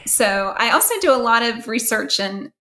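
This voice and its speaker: A woman's voice: a little high, normal speed, fairly bright tone. An American woman author chatting casually in an interview, with frequent fillers and easy laughter. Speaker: author guest.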